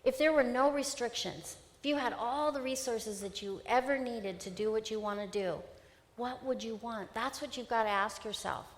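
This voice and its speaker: A middle-aged woman giving an emphatic, animated motivational seminar talk. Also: on the high side, normal speed. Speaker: seminar speaker. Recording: long hall reverb.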